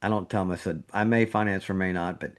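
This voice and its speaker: In casual podcast talk, a middle-aged man who works as a trauma surgeon and co-hosts the show recounts a story. His low voice runs quick with fairly even intonation, though it rises sharply when he grows indignant.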